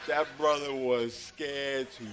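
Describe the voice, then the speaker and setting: A man preaching a sermon, telling playful stories, laughing at his own jokes and swinging from loud calls to a hush. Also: medium pitch, steady tone, takes it slowly.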